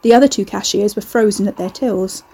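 A woman narrating a storybook in a steady, dry way. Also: medium pitch, fairly quick, breathy edge. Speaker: audiobook narrator.

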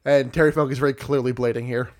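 A man's voice: mid-range voice, fairly even intonation, fast talker. A man co-hosting a casual podcast, recapping wrestling matches play by play with wry asides. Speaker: podcast co-host.

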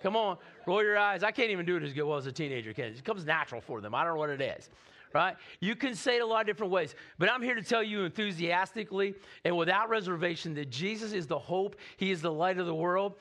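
A male pastor giving a lively Christmas Eve sermon in church, calling on the congregation to respond. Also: high voice, quick pace. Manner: energetic, calls on the congregation to respond. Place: church sanctuary.

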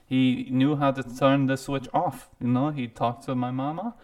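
A man's voice: mid-range voice, fairly even intonation, moderate pace, darkish tone, lightly acted. A man doing a gushing, fond old family friend. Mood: affectionate. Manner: gushing, chuckling, affectionate.

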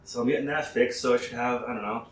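Wry co-host, low and off-mic. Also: male voice, steady tone, fast talker. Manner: dry, wry, innuendo jokes. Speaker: podcast co-host. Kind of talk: casual chat. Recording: roomy, distant mic, faint noise.

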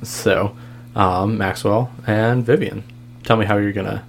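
A man's voice: fairly low pitch, steady tone, a little slow, vocal fry, a little hiss or hum. A man narrating as game master for a tabletop game, in a laid-back way and laughing easily.

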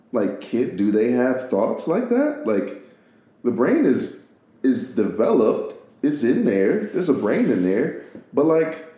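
A man hosting a casual solo podcast, rambling and playful and full of fillers. His voice is low and mellow. The room is very echoey. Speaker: podcast host.

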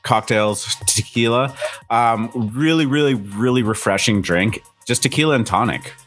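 A man's voice: mid-range voice, normal speed, a bit bright, soft background music. A man co-hosting a casual live morning show, easygoing and chatty, a little tipsy. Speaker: co-host. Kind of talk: casual live-stream chat.

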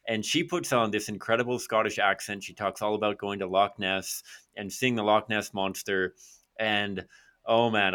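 A man's voice: lowish voice, a bit bright. A man co-hosting a podcast from his office, explaining a point casually with everyday examples. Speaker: pro-life podcast co-host. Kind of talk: casual discussion. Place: office in Calgary.

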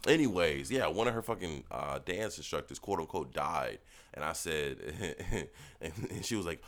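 Deep-voiced young man, rambling and laughing. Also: animated, normal speed, a bit bright. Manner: rambling, laughs at his own jokes, swears freely. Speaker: podcast co-host. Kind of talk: casual chat.

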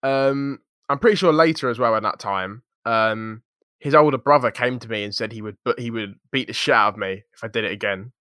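A young man co-hosting a podcast, telling a story in a lively, jokey, slangy way. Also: medium pitch, fairly quick, dry recording, studio quality. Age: young adult. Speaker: podcast co-host. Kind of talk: casual storytelling chat.

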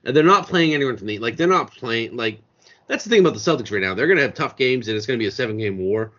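A man's voice: mid-range voice, expressive, fast, a bit bright. A man with a New England accent from Maine, co-hosting a casual sports podcast, telling stories animatedly and swearing freely. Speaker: podcast co-host. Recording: dull lo-fi audio.

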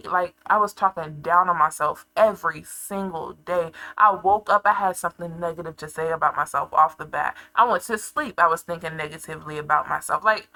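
A young woman vlogging in a casual confessional chat, telling her story with animated flair, laughing often and acting out her past self. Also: on the low side, rough recording.

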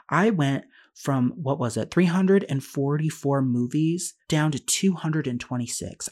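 A man hosting a solo podcast, talking very fast in a rambling, self-deprecating way. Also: on the high side, a little mellow. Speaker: podcast host.

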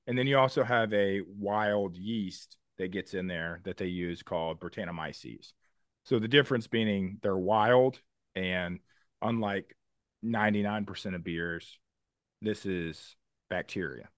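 A man's voice: fairly low pitch, unhurried, no room sound, studio quality. A man co-hosting a podcast in casual chat. He explains things in detail with a lot of enthusiasm and swears casually. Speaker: podcast co-host.

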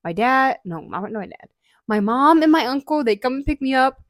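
A young woman co-hosting a podcast, telling a story in a lively way and acting out the voices in her tale. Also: high voice, normal speed, dry recording, studio quality. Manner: animated storytelling with shrieking acted-out quotes. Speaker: podcast co-host. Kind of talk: casual chat.

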